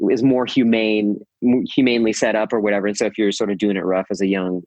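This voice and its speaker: A man's voice: lowish voice, flat delivery, quick pace, darkish tone, no echo, dull audio. Rambling man with a Californian accent. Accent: Californian American. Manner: rambling, many restarts and fillers, laughs often. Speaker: guest musician. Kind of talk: casual interview chat.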